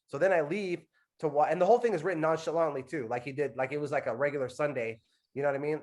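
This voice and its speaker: A male host retells his guest's bar-fight story in a loose, slangy, playful way, full of asides and casual address. His voice sits slightly high for a man. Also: fast talker, darkish tone. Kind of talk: casual chat.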